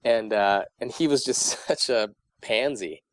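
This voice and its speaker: A man's voice: mid-range voice, unhurried, no echo. A man who works as a voice actor, chatting as an interview guest and telling stories with laughter and sudden jumps in his voice. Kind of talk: casual interview chat.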